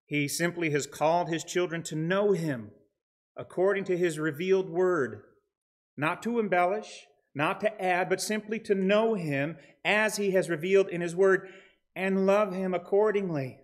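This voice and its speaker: A middle-aged pastor preaching to his church with an earnest, steady delivery. His voice sits a little high for a man, and he reads scripture aloud with care, with a hint of dry humor. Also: normal speed. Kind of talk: sermon.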